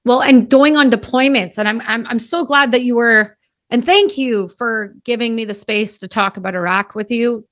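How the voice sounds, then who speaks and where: A blunt, fired-up woman hosting a podcast, with a fairly high voice. She talks emphatically, swearing casually. The sound is close and dry, with no room echo. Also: moderate pace, fairly bright tone. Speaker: podcast host. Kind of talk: casual interview chat.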